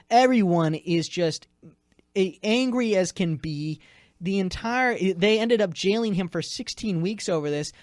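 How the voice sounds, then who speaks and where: A man's voice: high voice, no echo. Tired male co-host for a local radio chat show, rambling and jokey storyteller, dry studio sound. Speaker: news director, co-host. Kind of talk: casual chat, telling a news story.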